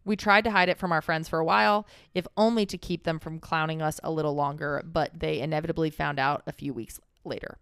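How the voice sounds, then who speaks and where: A woman's voice: sits low, lively intonation, fairly quick, vocal fry, fairly bright tone, clear, resonant tone, no echo, studio quality. A young adult woman co-hosting a podcast in casual chat, reading listener stories aloud expressively, swearing freely and laughing often. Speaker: podcast co-host.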